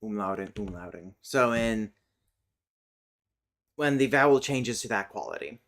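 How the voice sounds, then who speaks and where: A man streaming casually, thinking aloud as he works, muttering and humming to himself with many hesitant pauses. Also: lowish voice, expressive, a bit bright. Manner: mutters and hums to himself while working; slow, hesitant, with many fillers.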